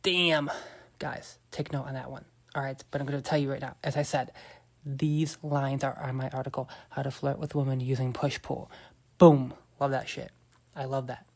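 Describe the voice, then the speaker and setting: In this clip the man's medium-pitched voice has vocal fry and a flat delivery at normal speed. Still the brash, swearing dating-advice podcaster, he lectures emphatically and repeats himself to the listeners he calls "you guys."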